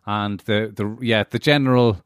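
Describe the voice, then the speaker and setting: A man's voice: lowish voice, steady tone, normal speed, smooth, no echo, clean studio sound. A man with a Cork accent, chatting casually as a podcast guest. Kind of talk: casual chat.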